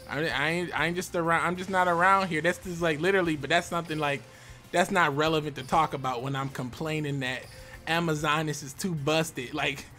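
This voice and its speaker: A man's voice: on the high side, steady tone, fairly quick, pushed and bright, faint music behind. A man streaming a card game, talking loosely and profanely while laughing often. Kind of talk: casual live-stream chat.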